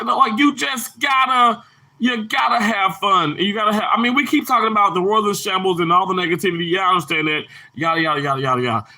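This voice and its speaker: Southern male livestream host, lively swooping delivery, bubbly and quick to laugh. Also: high voice. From Mississippi. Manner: bubbly, laughs often, bursts into exclamations. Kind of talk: casual chat reading viewer comments.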